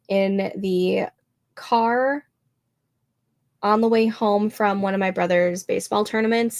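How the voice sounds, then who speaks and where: A young woman with a gravelly, mid-range voice hosts a writing livestream. She chats casually and laughs often while reading viewers' comments aloud.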